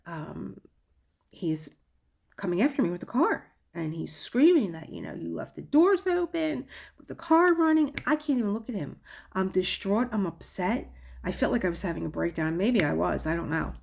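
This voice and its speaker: A middle-aged woman telling a personal story candidly, halting often and restarting her sentences. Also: lowish voice, creaky. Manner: candid, halting, with frequent restarts and soft laughs.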